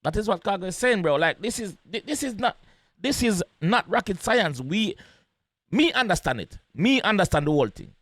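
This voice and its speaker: A man's voice: high-pitched, sing-song, moderate pace, a bit bright, no room sound. A man with a Jamaican accent giving casual, emphatic commentary on a song as host of a reaction video, repeating his points in patois slang.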